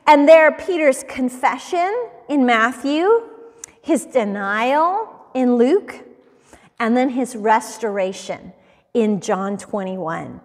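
Woman teacher, bright higher voice, animated scripture reading, long hall reverb. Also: slow. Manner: lively expressive reading, voices the dialogue. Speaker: Bible study teacher. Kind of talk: reading scripture aloud to a class.

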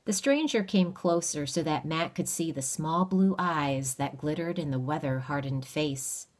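A woman reading a children's novel aloud, with steady, measured storytelling. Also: low-pitched. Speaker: reader.

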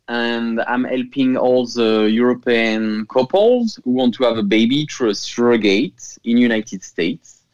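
This French-accented man from France, a fertility center case manager, talks earnestly in a call-based interview and occasionally hunts for the right word. His voice sits in the mid range, and the audio sounds dull.

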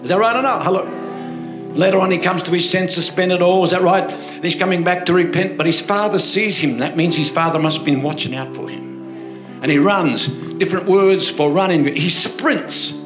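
An older Australian pastor preaches in a lively storytelling way, pausing to ask the congregation for an amen. His voice sits fairly high for a man. It rings through an echoey church hall with music playing behind. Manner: storytelling, animated, asks crowd for amens. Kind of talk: sermon.

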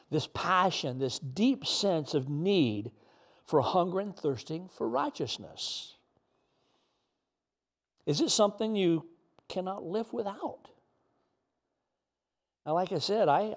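A man's voice: sits high, breathy edge. A middle-aged man preaching a sermon in an earnest, emotional way, sometimes close to tears.

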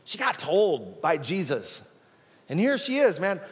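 A male pastor preaching a sermon in a church, animated and conversational, with jokes. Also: sits high, measured pace, long reverb tail. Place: church sanctuary.

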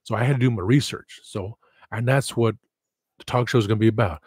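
A man's voice: fairly low pitch, brisk, a little mellow, slightly rough, dry recording, studio quality. A man hosting his own livestream podcast, talking frankly in a loose, rambling way and swearing freely. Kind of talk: casual rambling livestream chat.

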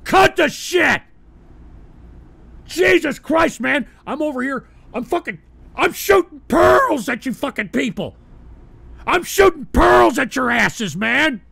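Creaky, sharp-voiced ranting male host. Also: extremely high pitch, sing-song, unhurried, dry recording. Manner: swearing, shouting angrily at chat. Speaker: host reading viewer donations. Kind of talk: profane livestream rant.

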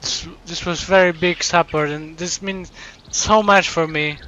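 Overwhelmed, stammering man, high and bright. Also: steady tone, measured pace. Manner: stammering, overwhelmed, repeats himself. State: close to tears. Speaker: live streamer. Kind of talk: live stream chat, thanking donors.

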